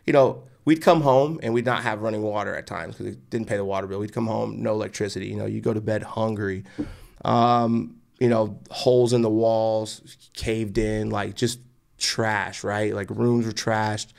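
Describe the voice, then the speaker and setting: A guest entrepreneur in his forties from near Austin, Texas, tells his life story in an interview. His lowish, gravelly, darkish voice moves at a moderate pace with fairly even intonation, yet he's intense and emphatic, frequently tacking on "right?".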